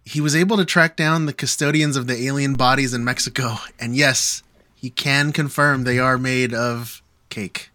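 A man's voice: mid-range voice, fairly even intonation, moderate pace, pushed and bright. A man hosting a casual podcast chat, introducing his co-hosts playfully and laughing often. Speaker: podcast host.

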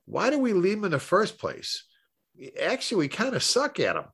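A man putting on a blunt old fire commissioner talking from a podium, with a rough try at a Boston accent. His pitch climbs well above the speaker's usual voice and the tone is dry. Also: wildly swooping pitch, moderate pace, fairly bright tone, exaggerated voice. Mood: wry. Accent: Boston, attempted.

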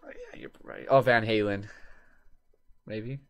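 A man's voice: fairly low pitch, unhurried. A man in casual chat, blunt and swearing freely, making dry jokes while ranking bands.

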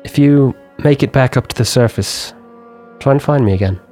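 A man's voice: medium pitch, moderate pace, dark tone, soft background music, voice pushed up, lightly acted. A man voicing an affectionate woman archer bidding her lover goodbye in a tabletop game. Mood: tender.

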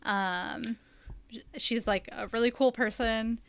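A woman's voice: fairly high pitch, steady tone, slow pace, a bit bright, no echo. Chatty woman, dry close sound. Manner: rambling, many fillers. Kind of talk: casual chat.

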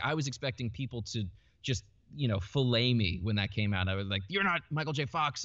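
Lowish-voiced guy rambling on a podcast, "like" every few words, kinda dull muffled sound. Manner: rambling, leans on "like" a lot. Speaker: voice actor guest. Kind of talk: casual podcast chat.

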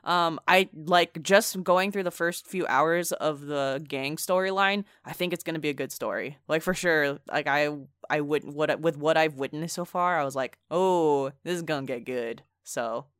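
A woman's voice: deep voice, moderate pace, few pauses, fairly bright tone, smooth, dry recording. Woman, casual gaming chat, filler-heavy, sarcastic, dry close mic. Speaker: video game podcast co-host.

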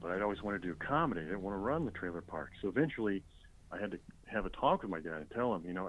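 A man, a comedian guest, telling comic anecdotes in an interview with a deadpan delivery and many fillers and restarts. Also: low-pitched, racing. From Illinois. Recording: dull lo-fi sound.

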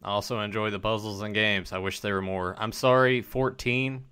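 A man's voice: on the low side, fairly even intonation, pushed and bright, clear, resonant tone, dry recording. A man co-hosting a casual podcast, reading fan letters and giving wry, blunt opinions on them. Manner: wry, blunt, quick to call things bullshit. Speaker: podcast co-host.

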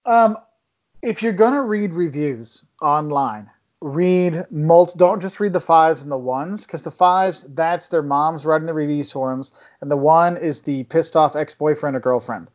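Young male podcast guest with a higher voice, lively and chatty, jumps into voices for quotes. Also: unhurried. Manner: animated storyteller, acts out quotes with big pitch jumps. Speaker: travel video maker, podcast guest. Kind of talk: casual chat.

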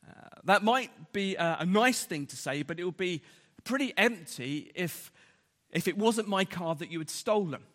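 Earnest preacher in a reverberant hall. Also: male voice, on the high side, a bit bright. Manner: earnest, emphatic repetition with frequent fillers. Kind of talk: sermon.

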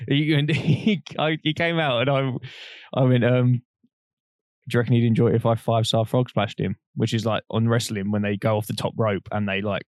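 A man's voice: medium pitch, fairly even intonation, normal speed, no room sound, studio quality. A young man, co-hosting a podcast and telling a long, rambling story in casual chat, laughing often and swearing freely. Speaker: podcast co-host.

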